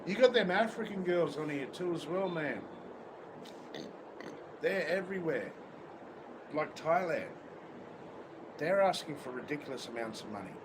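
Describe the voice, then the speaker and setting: A man's voice: fairly high pitch, expressive, measured pace, pauses often. An Australian man livestreaming outdoors near a beach, talking bluntly and swearing constantly in casual chat. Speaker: livestream host. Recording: outdoor street noise with traffic.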